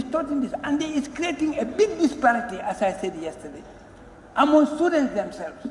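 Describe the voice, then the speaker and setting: A man delivers a parliamentary floor speech in a strikingly high voice. He pleads earnestly, leaning on repeated words for emphasis. The chamber is roomy, with a long reverb and a faint background hum. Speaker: member of parliament.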